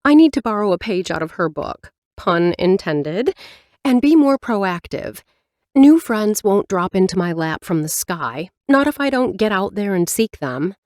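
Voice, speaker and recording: A woman's voice: medium pitch, sing-song, unhurried, darkish tone, no echo, clean studio sound. A woman reading a first-person romance audiobook in a light, reflective storytelling manner. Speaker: audiobook narrator.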